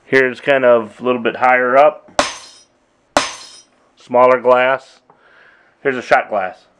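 A middle-aged man with an everyday mid-range voice talks through a casual gear demo at an easy, halting pace, pausing on "uh" as he goes. It is a home video recording with clear background noise under his voice. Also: medium pitch. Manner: relaxed, halting, with many "uh" pauses. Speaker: drummer demonstrating gear.

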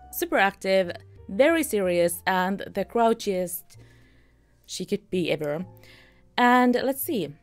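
Lively chatty woman streamer. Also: mid-range voice. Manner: chatty and upbeat, chuckles often. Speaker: let's play streamer. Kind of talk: casual gameplay commentary.

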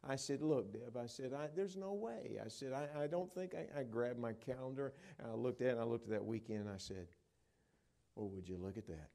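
A middle-aged man preaching a sermon in a church, telling stories and swinging from hushed to loud, excited delivery. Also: medium pitch, a little fast, vocal fry. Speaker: traveling evangelist preacher. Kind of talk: sermon with storytelling. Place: church sanctuary at a conference. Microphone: wearing a microphone.

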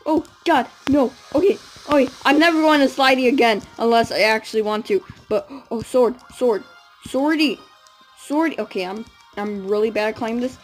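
Young woman, gaming commentary, excitable, giggly, slightly high voice, faint music behind. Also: moderate pace, low-quality recording. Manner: excitable, panicky squeals and giggles. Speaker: gamer. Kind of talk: casual gameplay commentary.

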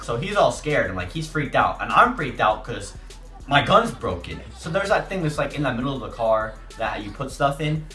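A young man telling a casual storytime, animated and jokey, acting out voices. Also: medium pitch, moderate pace. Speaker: YouTuber. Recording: echoey room, music behind.

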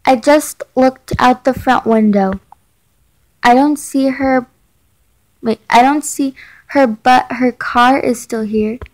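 A scared teenage girl, read aloud by a woman, asks worried questions that pile up while she waits for help. The voice sits a little high, and the lines come slowly and carefully. It sounds like someone reading a chat story aloud. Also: darkish tone, rough recording. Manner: frightened, pleading questions. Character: anxious teenage girl texting her mother.

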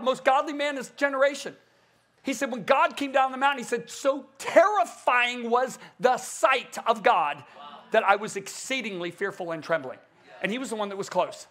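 A middle-aged man preaching a conference sermon, emphatic and animated, acting out quotes in different voices. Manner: animated, emphatic, acts out quotes with big pitch swings.

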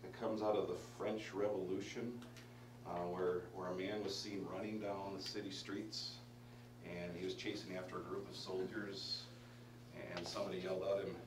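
A man's voice: low voice, normal speed, background noise. Emphatic male pastor in a roomy hall. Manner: lively, emphatic, many fillers and restarts. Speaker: pastor teaching a Bible study. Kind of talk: sermon with questions to the congregation. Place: church hall. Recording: roomy live-stream audio from a distance.

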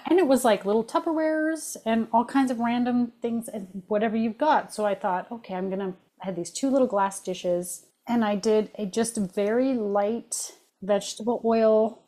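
A woman's voice: a little high, normal speed, few pauses, mellow. A middle-aged woman co-hosting a cooking podcast, chatting casually with rambling asides and frequent laughs. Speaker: podcast co-host.

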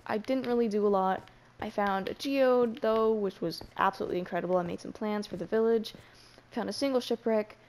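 A woman's voice: on the high side, darkish tone, a little hiss or hum. A young woman giving casual gameplay commentary in a panicky, self-mocking way, swearing freely. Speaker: Minecraft let's player.

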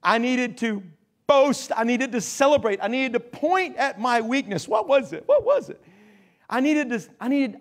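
A man preaching with a high, lively voice that swoops up and down as he stresses key words. He slows right down to lean on a phrase, then turns to chatty asides with the congregation. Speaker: pastor. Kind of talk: sermon.

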